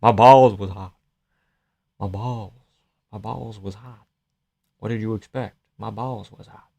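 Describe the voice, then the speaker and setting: Low mumbling fighter as a man puts him on, gruff, deadpan. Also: a little slow.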